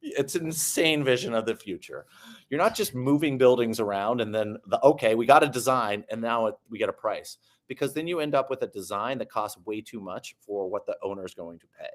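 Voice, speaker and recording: A man's voice: medium pitch, expressive, a little fast. A man co-hosting a panel chat, giving blunt, opinionated views.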